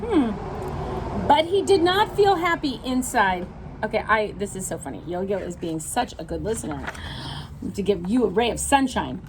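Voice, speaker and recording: A woman reading a picture book aloud, with animated, chatty asides about the pictures and her daughter. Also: mid-range voice, normal speed, background noise.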